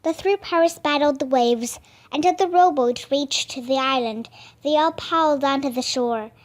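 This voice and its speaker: A woman reading a children's book aloud, careful and deliberate. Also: high voice. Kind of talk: storybook read-aloud.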